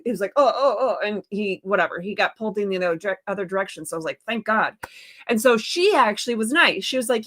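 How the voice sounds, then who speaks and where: A woman telling a story in a casual interview, animated and exasperated, acting out what people said to her. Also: medium pitch. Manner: animated, exasperated retelling with quoted dialogue. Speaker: guest, stand-by counsel. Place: live stream, remote.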